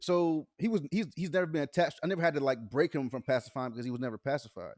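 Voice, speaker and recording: Young male co-host, animated storyteller who laughs easily, high-side voice, dry close mic. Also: rapid-fire, dry recording. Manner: laughs often, animated storytelling with acted-out dialogue. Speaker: podcast co-host. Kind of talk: casual chat.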